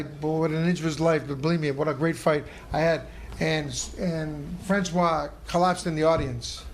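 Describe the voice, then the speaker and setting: A man's voice: a little high, slight background noise. A former boxer telling an emotional, rambling story live at a comedy club, repeating himself as he goes.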